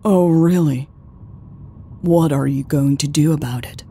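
A woman's voice: low voice, measured pace, mellow, breathy edge, exaggerated voice. A woman reading the lines of a sarcastic man who taunts and mocks. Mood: taunting. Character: mocking adult man, sarcastic sidekick.

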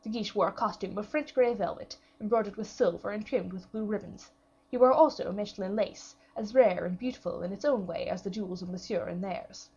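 Audiobook narrator: woman, measured classic-novel reading, breathy husky voice, lo-fi muffled recording. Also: medium pitch, a little mellow. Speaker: audiobook reader.

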